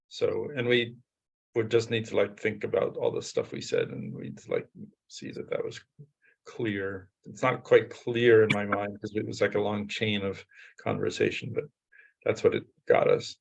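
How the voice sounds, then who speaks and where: A man in casual technical conversation about mathematics, speaking haltingly with frequent short assents. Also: fairly low pitch, very animated, gravelly, breathy edge. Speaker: mathematician discussing research.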